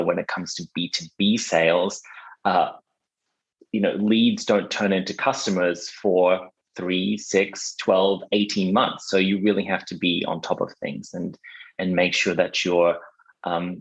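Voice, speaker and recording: Guy, low and gravelly, relaxed interview guest, muffled audio. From Australia. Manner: relaxed, laughs often, many fillers. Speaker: podcast guest, marketing agency founder. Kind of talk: conversational interview answers.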